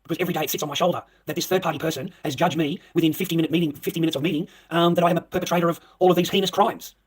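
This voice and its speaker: A husky-voiced man vents to his viewers at a rapid clip, his speech a touch higher than most men's. He swears freely and sounds heated and agitated. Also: steady tone. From Australia. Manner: talks straight to the viewer. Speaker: vlogger. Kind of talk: direct-to-camera rant.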